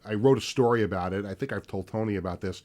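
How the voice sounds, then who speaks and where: A man's voice: on the low side, racing, darkish tone. Middle-aged guy rambling on sports radio from the studio, lots of ums, chuckles. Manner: rambling storyteller with fillers and laughs. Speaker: sports talk radio host. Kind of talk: casual radio talk.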